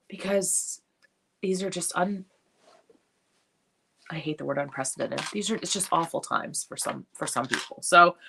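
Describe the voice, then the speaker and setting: A woman hosting a casual live stream for her followers, emotional and tearful, speaking in a heartfelt, halting way with many pauses and fillers. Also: lowish voice, a bit bright. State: tearful, has been crying. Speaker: jewelry business live-stream host.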